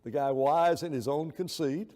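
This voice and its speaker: A man's voice: on the high side, moderate pace, a little mellow. A man teaching a Bible class in a conversational, rambling way, telling anecdotes and acting out quoted voices. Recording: long reverb of a church hall.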